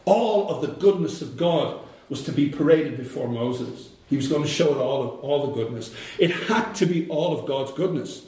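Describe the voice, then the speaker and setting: A man preaching a sermon, slow and emphatic, repeating phrases for weight. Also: a little high, lively intonation, darkish tone. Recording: very echoey room.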